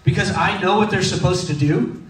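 High-voiced man telling funny stories. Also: brisk. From Texas. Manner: humorous, self-deprecating, many fillers. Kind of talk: conversational sermon storytelling. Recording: echoey room, distant mic.

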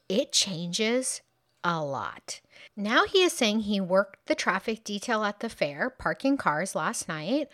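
A woman's voice: mid-range voice, fairly bright tone, no echo, studio quality. A woman hosting a true crime podcast, recounting a case in a casual, conversational way with frequent asides and fillers.

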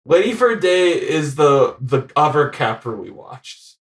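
A man's voice: a little high, unhurried. Male co-host on a film podcast, laughing often. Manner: laughs often, animated and chatty. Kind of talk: casual film podcast chat.

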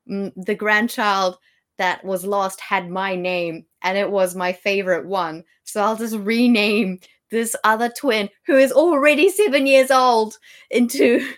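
A woman co-hosting a podcast, chatting about a classic comedy in an animated, blunt way with casual swearing. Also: mid-range voice. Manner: animated, swearing, mock-exasperated. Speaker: podcast co-host. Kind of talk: casual discussion of a classic play.

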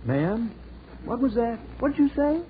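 A persuasive salesman, sing-song pitch, tinny old radio ad. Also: very animated, measured pace, noisy background, heavily acted. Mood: eager. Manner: eager and persuasive. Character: eager, smooth-talking salesman. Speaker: announcer in an ad. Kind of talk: 1940s radio ad acting.

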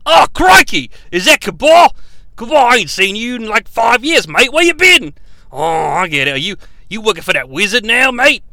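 A man voicing a brash male mercenary with an Australian accent and loud slang. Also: high voice, sing-song, normal speed, creaky, no echo, voice pushed up, full character voice.

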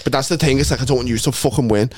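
A man talking in a casual podcast chat, animated and sweary as he tells a stand-up story. His voice is mid-pitched and sits close and dry on the mic, with no room sound. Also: rapid-fire, slightly rough, no echo. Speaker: stand-up comedian and podcast co-host.

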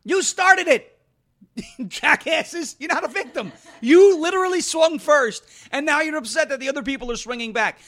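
A man's voice: very high-pitched, normal speed, fairly bright tone. A man hosting an opinionated political commentary show, combative and sarcastic, repeating phrases for emphasis.

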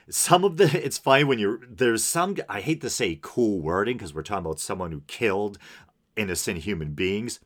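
A man with a lowish voice that swings up and down a great deal as he talks. He hosts a podcast and chats through his review casually, with plenty of fillers and small laughs. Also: lively intonation, normal speed. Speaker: podcast host.

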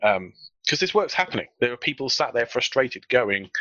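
Bright-voiced man with a frog in his throat. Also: mid-range voice, normal speed, no room sound. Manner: animated, acts out quoted colleagues. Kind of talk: casual panel discussion. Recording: dull, dry lo-fi recording.

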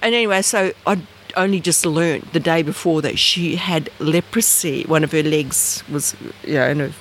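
An Australian woman, an interview guest, telling a personal story in a lively way and acting out the voices and sounds in it. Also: low voice, normal speed, slight background noise. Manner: animated, acts out voices and sounds.

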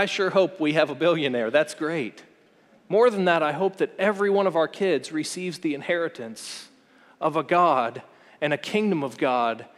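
A man in his forties preaching a sermon as pastor, earnest and repetitive, with rhetorical questions to the congregation. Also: on the high side. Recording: long hall reverb.

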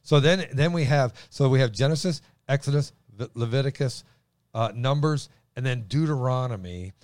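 An excitable man teaching the Bible in a casual chat, his voice booming as he stumbles over restarts. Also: moderate pace, no room sound.

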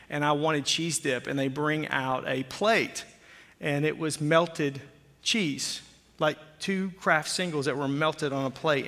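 A man in his forties from Oklahoma, a pastor preaching a sermon with jokey, animated storytelling. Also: fairly high pitch. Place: church sanctuary. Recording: long hall reverb.

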